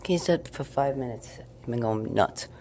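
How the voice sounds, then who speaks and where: A woman filming a casual night-time video diary in her apartment, swinging between low murmurs and cooing talk to her cat. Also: animated, normal speed, mellow, a little hiss or hum. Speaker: vlogger.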